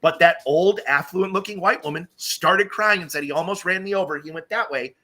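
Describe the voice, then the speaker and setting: A man hosting a casual live stream, telling stories with lively acted-out quotes. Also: sits high, fairly quick. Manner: animated storytelling, acts out quoted voices. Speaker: streamer host.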